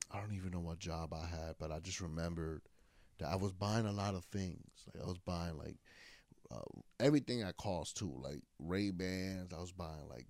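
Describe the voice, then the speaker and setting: Deep-voiced young man telling a story. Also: no echo. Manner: animated, quoting himself and others. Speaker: guest storyteller. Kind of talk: casual storytelling.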